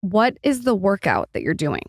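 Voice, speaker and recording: A woman's voice: medium pitch, huge pitch swings, moderate pace, no room sound, clean studio sound. A woman hosting a podcast, asking curious, encouraging questions in a casual chat. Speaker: podcast host. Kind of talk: casual interview. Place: podcast studio.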